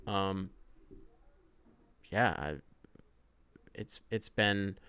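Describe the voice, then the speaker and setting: A young man hosting a casual solo podcast, rambling and profane, with sudden loud outbursts. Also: low voice, very slow, clear, resonant tone, no room sound. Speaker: podcast host.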